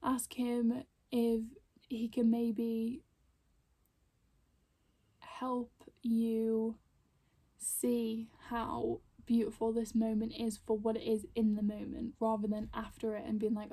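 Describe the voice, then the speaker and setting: Young woman pulling oracle cards at home, breathy and mellow, kinda flat delivery. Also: on the high side, takes it slowly. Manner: soft, emotional, rambling with many fillers. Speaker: spiritual card reader. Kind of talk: intuitive oracle card reading. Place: home room with plants.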